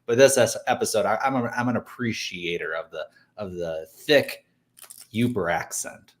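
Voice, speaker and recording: A man co-hosting a casual talk show, rambling and halting as he talks. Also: on the low side, expressive. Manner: rambling, halting, many fillers. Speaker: podcast co-host. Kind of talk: casual chat.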